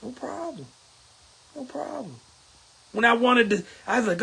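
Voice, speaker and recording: A middle-aged man with a husky voice talks straight to the listener as a union steward, in a casual and lively way. His high, swinging voice jumps even higher when he acts out what others told him. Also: a little slow. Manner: animated, acts out quoted exchanges in a raised voice. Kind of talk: casual video monologue.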